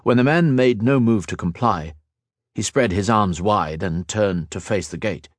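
Low-voiced man narrating a fantasy story. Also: a little slow, dry recording, clean studio sound. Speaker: audiobook narrator.

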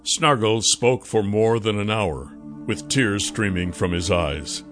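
A man narrating a fantasy audiobook in a measured, deliberate way. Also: lowish voice. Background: faint music.

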